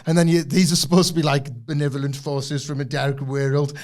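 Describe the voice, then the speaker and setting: A young man co-hosts a relaxed wrestling podcast. His voice sits a little high. He chats in an animated way and slips into put-on voices to act out scenes. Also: a little fast. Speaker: podcast co-host. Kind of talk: casual wrestling review chat.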